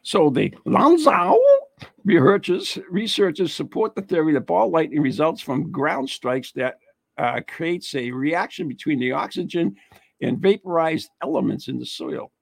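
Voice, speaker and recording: Gravelly, lively-voiced man reading aloud. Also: fairly high pitch, no room sound. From United States. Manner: reads aloud haltingly with frequent laughs and asides. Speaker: host. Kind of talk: casual chat reading an article.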